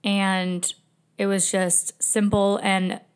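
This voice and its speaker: Woman podcast host, candid confessional storyteller, emotional, blunt, middle pitch. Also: little pitch movement, takes it slowly, clean tone. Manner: emotional, candid, swearing, sighing. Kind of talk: personal storytelling.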